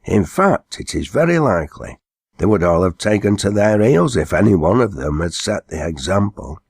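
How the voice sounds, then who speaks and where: A man narrating an old dialect story, reading it aloud in a steady storytelling way. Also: low-pitched, moderate pace, husky, dry recording, clean studio sound.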